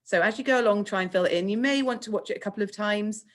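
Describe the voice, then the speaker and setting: A woman with an English accent teaching children in a recorded remote lesson, speaking clearly, patiently and encouragingly. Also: medium pitch, fast. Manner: clear, patient, encouraging, acts out example speech lines. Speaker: primary school teacher.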